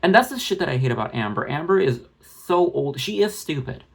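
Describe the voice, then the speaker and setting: A man's voice: on the high side, big pitch swings, fairly quick, creaky. Man ranting bluntly into a phone. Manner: blunt, profane, rambling with restarts. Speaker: drama commentary vlogger. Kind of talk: ranting commentary.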